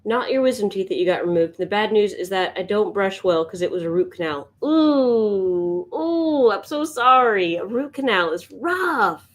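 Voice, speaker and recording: A woman streaming live as she sketches, chatting to viewers and thinking out loud, yawning now and then. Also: mid-range voice, lively intonation, normal speed. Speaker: livestream sketch artist. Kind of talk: casual livestream chat.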